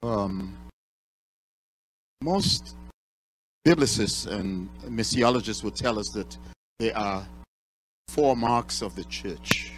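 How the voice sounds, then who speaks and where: A man presenting at an awards ceremony, speaking in a measured way, spelling out terms, with many pauses and fillers. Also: lowish voice, rough recording. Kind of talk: ceremonial speech.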